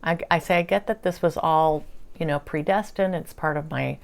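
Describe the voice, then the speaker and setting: Soft-spoken, lower-voiced woman recounting channeled talks. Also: vocal fry. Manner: halting, repeats 'I said' while relaying dialogue. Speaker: spiritual channeler giving a weekly briefing. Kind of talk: casual recounting of channeled conversations.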